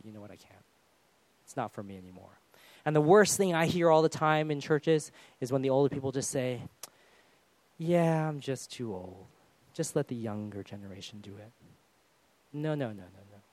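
A man preaching a sermon as pastor, telling stories in an animated way and acting out the quotes. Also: fairly high pitch, dry recording. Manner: animated storytelling, acts out quotes.

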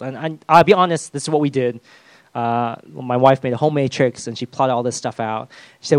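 A man's voice: mid-range voice, normal speed, smooth, no room sound. A man preaching a sermon as a pastor, conversational with self-deprecating humor.

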